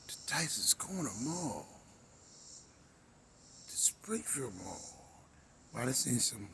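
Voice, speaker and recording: A man's voice: medium pitch, very animated, slow pace, gravelly, long pauses, pushed and bright, slight background noise. A middle-aged man with a Maryland accent, hosting his own show in a rambling monologue, drawling, humming and dropping into whispers. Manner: drawling, slips into whispers and hums. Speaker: show host.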